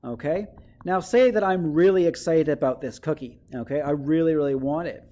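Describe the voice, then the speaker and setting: A man's voice: a little high, moderate pace, dark tone. A male teacher giving a writing lesson to children, explaining step by step and often checking in with "okay?".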